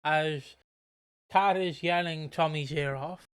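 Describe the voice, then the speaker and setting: Slow and slightly high, this man's voice has a clean tone. He hosts a podcast, rambling through a casual recap of a soap opera, swearing freely and losing his train of thought.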